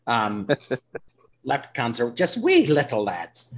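A man's voice: medium pitch, wildly swooping pitch, a little hiss or hum. Newfoundland-accented male podcast host, casual and rambling. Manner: chatty, rambling, quick to laugh.

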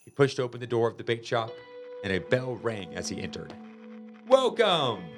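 A man reading a children's chapter book aloud in a lively, expressive storytelling manner. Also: medium pitch, brisk. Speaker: storybook reader. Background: music.

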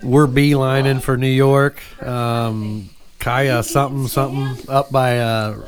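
A man's voice: medium pitch, fairly even intonation, slow pace, a crowd in the background. A man telling a long story in casual chat, rambling, with many restarts and asides.

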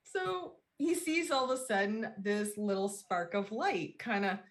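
A woman's voice: mid-range voice, very animated, measured pace. A woman co-hosting a casual podcast, rambling as she retells a movie scene and loosely acts out the characters. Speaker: podcast co-host.

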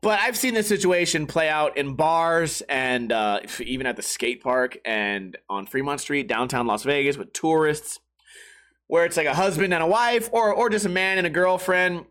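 A man's voice: fairly high pitch, moderate pace. A young adult man ranting casually and profanely, acting out other people's voices. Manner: profane, animated, acts out yelling voices.

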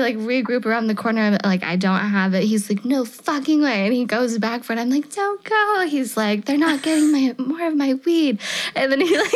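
A young American woman in her twenties telling a long, rambling story in casual chat, full of fillers and quoted voices. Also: on the high side. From United States. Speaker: storyteller guest.

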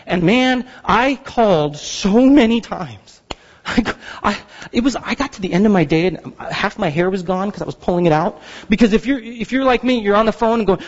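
A man's voice: sits high, normal speed. Pastor guy preaching, voice jumps all over, long echo and kinda dull sound. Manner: animated storytelling, acts out frustration with loud outbursts. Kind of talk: sermon.

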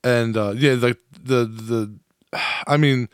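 A man's voice: mid-range voice, steady tone, slow pace, clear, resonant tone, no echo, studio quality. A man co-hosting a podcast in casual chat, telling loose, profane stories and laughing often. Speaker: podcast co-host.

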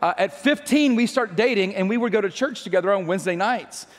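Speaking from the pulpit, a pastor with a notably high voice tells a personal story as a sermon, a little fast. He is chatty and self-mocking, often tripping over his words and starting again, while a big hall gives his voice a long reverb tail.

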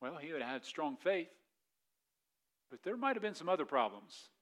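A male pastor preaching a sermon, telling the story with lively acted-out panic and dropping to quiet, reflective asides. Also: fairly high pitch, normal speed. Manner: animated storytelling, acts out the disciples' panic in a raised voice; drops to a quiet, soft delivery for reflective points.

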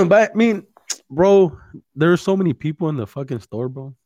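A man's voice: a little high, lively intonation, moderate pace. A man, hosting a casual chat, swearing a lot and mixing in Spanish slang. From California. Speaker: podcast host.

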